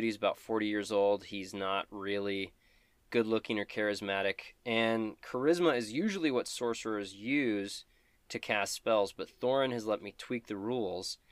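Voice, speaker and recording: A man with a smooth, resonant voice and a fairly low pitch talks through his character for a tabletop game. He rambles a little and uses fillers as he goes. The sound is close and dry. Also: no echo. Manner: relaxed, rambling explanations with fillers. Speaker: player. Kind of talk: casual tabletop character introduction.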